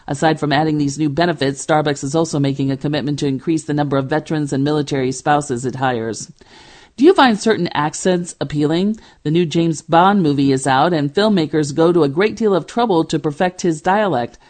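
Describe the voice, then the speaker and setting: A woman reads a radio news bulletin in a crisp, measured delivery. Her voice sits low for a woman and stays steady from story to story. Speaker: news anchor.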